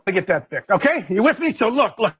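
A high, very husky man's voice rises and falls as he leads a preaching-style group discussion. He repeats himself and calls on his listeners one by one. The sound comes through muffled video-call audio. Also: sing-song, quick pace. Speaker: group leader addressed as coach. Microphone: video call microphone.

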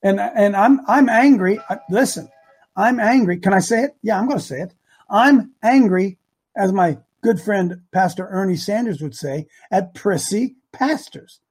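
Husky high-voiced older man preaching. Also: a little slow. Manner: preachy, rising to shouts. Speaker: radio talk show host. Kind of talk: impassioned radio talk.

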